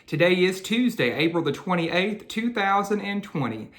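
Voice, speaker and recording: A man's voice: sits high, big pitch swings, normal speed, fairly bright tone. A man, a teacher, hosting a nightly children's read-aloud with a formal, earnest welcome and long flowing sentences.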